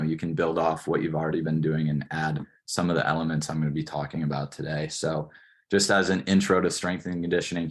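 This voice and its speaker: A man in his twenties from Wisconsin, a strength coach giving a steady, instructional online presentation with plenty of "you know" fillers. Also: deep voice. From Wisconsin, USA.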